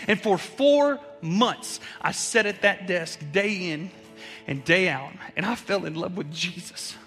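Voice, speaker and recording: A man's voice: high-pitched, unhurried. Fervent man preaching in a church. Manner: storytelling, swings from soft to fervent. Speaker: student pastor. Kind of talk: sermon with personal testimony. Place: church sanctuary. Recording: echoey hall, music behind.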